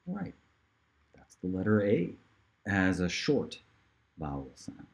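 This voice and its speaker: A man teaching pronunciation in a relaxed, unhurried way, stretching out each sound so learners can copy it. His pitch swings widely as he jokes between drills, and he keeps a playful, easygoing tone throughout. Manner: playful, drills words slowly for repetition. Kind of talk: casual online pronunciation lesson. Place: outdoors in hot sun.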